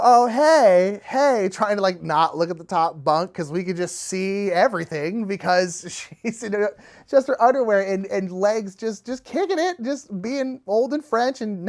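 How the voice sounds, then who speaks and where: A man telling a funny travel story in a casual, animated way, laughing often. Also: gravelly. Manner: animated, laughing, big pitch swings. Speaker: storyteller, channel co-host.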